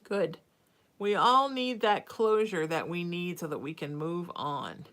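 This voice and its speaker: Reassuring woman psychic, low-pitched. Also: expressive, measured pace. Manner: reassuring, calls listeners sweetheart and honey; casual and chatty, with soft fillers. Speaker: psychic medium host. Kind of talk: live-stream Q&A with psychic readings.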